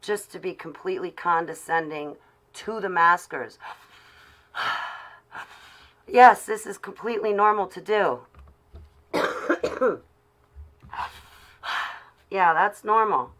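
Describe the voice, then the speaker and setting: A woman's voice: on the low side, slow, long pauses, fairly bright tone. A woman live-streaming to her chat from her car while driving, talking casually and sarcastically in a ranting way.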